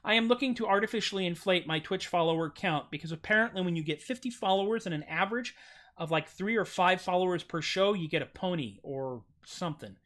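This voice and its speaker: A man's voice: high-pitched, animated, fast talker, fairly bright tone. American guy chatting on his home stream, goofy and self-mocking, voice jumps way up on jokes. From United States. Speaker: streaming musician host. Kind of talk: casual livestream chat.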